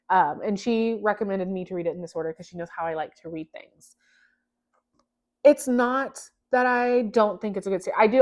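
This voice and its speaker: A young woman vlogging to camera about books she plans to read, chatty and self-deprecating. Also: mid-range voice. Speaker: book vlogger. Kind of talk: casual chat to camera.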